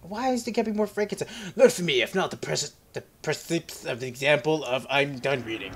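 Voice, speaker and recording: A man giving joking, profane commentary while playing a horror game, yelping and shouting whenever something chases him. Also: fairly high pitch, a little fast, husky. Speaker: let's play host. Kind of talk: casual horror gameplay commentary.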